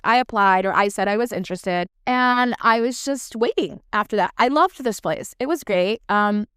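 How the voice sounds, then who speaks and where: Podcast host, woman, very smooth clear voice, dry close sound, chatty and profane. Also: mid-range voice, a bit bright, no echo. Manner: chatty, swears freely, lots of "like" fillers. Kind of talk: casual storytelling monologue.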